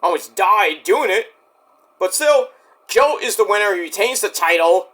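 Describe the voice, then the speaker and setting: A man recapping a wrestling show in a casual, excitable rant, swearing often. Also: high voice, normal speed. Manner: excitable, profane, storytelling rant.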